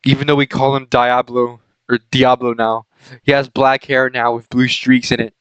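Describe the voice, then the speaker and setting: A man's voice: mid-range voice, little pitch movement, moderate pace, a bit bright, clear, resonant tone, no echo, dull audio. A young man doing a comedic reading of a fanfic aloud, often laughing and breaking off to comment on the text. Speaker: reader of a fanfic.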